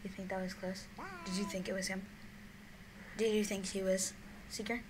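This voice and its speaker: A young woman giving gameplay commentary on her own channel, excitable, shrieking and giggling, then dropping to mumbled whispers. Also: medium pitch, normal speed, background noise. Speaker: gaming YouTuber.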